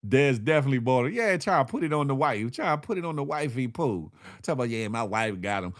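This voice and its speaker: A man's voice: a little high, quick pace. A man hosting a morning show, riffing in casual commentary with slang, frequent laughs and sung snippets. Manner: animated, slangy, laughs often, sings snippets.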